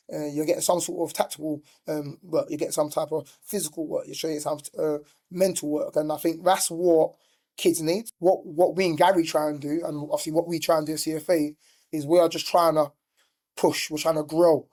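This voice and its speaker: A man's voice: a little high, level tone, fairly quick, mellow. A middle-aged man, a youth football coach telling stories in a casual podcast chat, full of "like" and "do you know what I mean". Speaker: youth football coach and former professional player.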